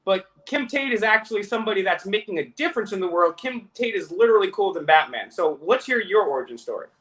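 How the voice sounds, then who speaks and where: A man hosting an interview over a video call, keen and restless, and given to cutting in. His voice sits high and rings with a bright, forceful edge. The feel is of casual chat between two people far apart. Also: lively intonation. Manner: rapid, over-eager, interrupts often. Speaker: interview host.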